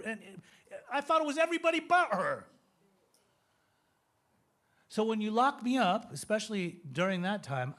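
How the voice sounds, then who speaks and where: A man in his fifties with a notably high voice gives a recovery testimony. He tells his story with animated, joking energy. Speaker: recovery speaker.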